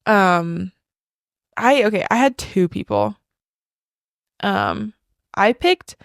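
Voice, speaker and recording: A young woman co-hosting a book podcast, talking casually and hesitantly, often trailing off softly. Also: mid-range voice, no echo, clean studio sound. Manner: hesitant, trailing off, drops to soft murmurs. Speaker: podcast co-host. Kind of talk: casual book club chat.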